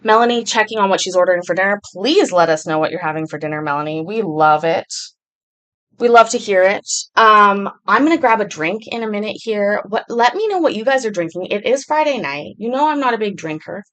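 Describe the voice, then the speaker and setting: A woman talks casually to her livestream audience. She rambles from thought to thought and reads viewers' comments aloud as she answers them. Her voice sits in a middle pitch range. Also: animated, fairly quick, a bit bright. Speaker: livestream host.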